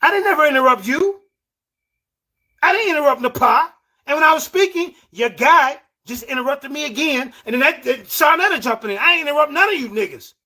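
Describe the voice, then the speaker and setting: A man hosts a heated livestream debate. His voice sits very high and sounds bright and forceful. He scolds his guest and repeats words to hold the floor. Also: expressive, brisk. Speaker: show host.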